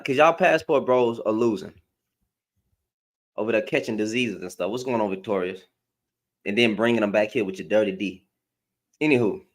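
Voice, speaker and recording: A woman hosting a livestream, giving blunt, heated reaction commentary and often repeating her phrases. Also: a bass voice. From United States. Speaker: livestream host.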